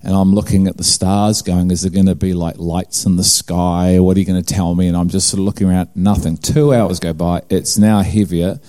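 A middle-aged man with a New Zealand accent preaches through a personal testimony. His voice sits low and sounds warm and mellow. He tells the story with humor at his own expense and acts out each exchange of dialogue. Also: steady tone, brisk, hardly any pauses.

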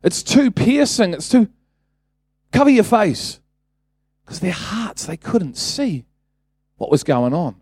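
Mellow-voiced man preaching a sermon. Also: high-pitched, big pitch swings, measured pace, breathy edge, no echo. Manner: conversational, building to emphatic bursts; asks the congregation rhetorical questions.

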